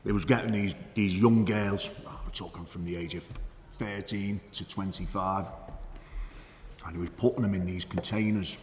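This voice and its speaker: An actor playing a boastful, crude hitman who tells his story with swagger, profanity and drawn-out emphasis, in an acting class monologue. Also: low-pitched, fairly even intonation, a little mellow, long reverb tail, a little hiss or hum, lightly acted. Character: boastful crude male hitman telling war stories.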